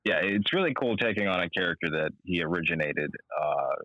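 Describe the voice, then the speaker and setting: A young man, a voice actor guest on an interview podcast, talking in an animated way and slipping into character voices. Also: sits low, fairly quick, dry recording, lo-fi sound. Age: young adult. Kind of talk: casual interview.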